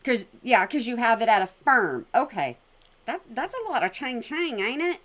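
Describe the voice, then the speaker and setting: Lively, higher-voiced woman; sassy, mocking commentary host. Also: normal speed. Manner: sassy, mocking, animated with sudden loud jumps. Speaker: commentary vlogger reacting to a clip. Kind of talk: casual commentary.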